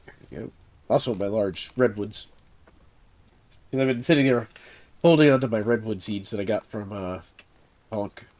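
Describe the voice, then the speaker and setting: A Southern US man with a somewhat low voice hosts his own game stream. He chats casually as he plays, wandering through stories full of fillers and chuckling along the way. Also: moderate pace, pauses often, a little mellow. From Southern United States. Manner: rambling storyteller, heavy fillers, chuckles through his tale. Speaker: game streamer and server host. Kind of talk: casual chat while gaming on a live stream.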